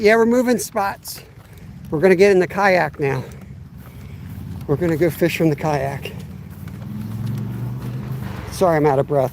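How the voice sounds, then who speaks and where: A man's voice: on the high side, unhurried, long pauses, a little hiss or hum. A man in his fifties chatting casually on a fishing live stream outdoors by the water, rambling and poking fun at himself. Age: 50s. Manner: rambling, chatty, self-mocking. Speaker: fishing livestream host. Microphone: camera on a tripod.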